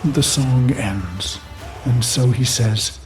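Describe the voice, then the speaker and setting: A man's voice: mid-range voice, takes it slowly, over music, close to an everyday voice. An actor playing a brooding, vengeful human warlord who recalls his past in a grave, haunted inner monologue for a game cutscene. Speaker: narrator of a memory.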